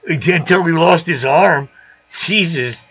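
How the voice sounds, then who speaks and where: Brief: rambling, jokey male livestream host, bright and fairly high, dull lo-fi sound. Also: slow pace, slightly rough. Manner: rambling, jokey riffs on old movies. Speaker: host of a live aquarium show. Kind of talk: casual chat.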